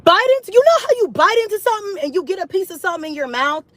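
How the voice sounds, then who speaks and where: A woman talking straight to her viewers in a casual, animated vlog, swearing freely as she tells her story. Her voice sits high and swings widely in pitch as she talks. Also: racing, no echo, rough recording. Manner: animated and profane, with laughs. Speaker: vlogger telling a personal story.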